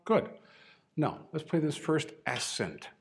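A man's voice: on the high side, big pitch swings, slow, soft background music. A man teaching a trombone masterclass, coaching a student with short, encouraging cues and dry humor.

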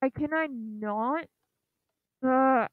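A high-pitched woman talks slowly through her game, hesitant and full of fillers, and she keeps apologizing. Her voice comes through a thin, phone-like mic with a dry, close sound and no room around it. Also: no echo. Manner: urges the game on with repeated short cries. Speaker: gaming channel host. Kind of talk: casual gameplay commentary.

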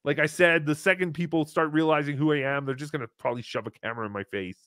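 A man's voice: on the high side, fast, fairly bright tone, no echo, clean studio sound. A man hosting a call-in podcast, chatting casually in a wry, rambling way and swearing freely. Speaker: podcast host taking calls.

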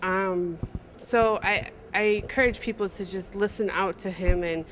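A woman's voice: medium pitch, steady tone, measured pace, fairly bright tone. A woman giving an earnest audience testimonial, repeating her words for emphasis. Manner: earnest, repetitive. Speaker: audience member. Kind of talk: sincere testimonial. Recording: noisy recording.

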